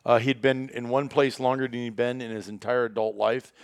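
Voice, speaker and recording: A man's voice: medium pitch, little pitch movement, a little fast, no room sound, clean studio sound. A man hosting a podcast in casual chat, joking and rambling as he talks. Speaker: podcast host.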